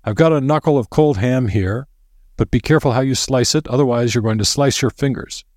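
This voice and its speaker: A man's voice: mid-range voice, brisk, a little mellow, no echo, clean studio sound, pitched above the performer's own voice, natural voice. A man voicing a hearty old male professor who roars his words. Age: older. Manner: roaring, hearty.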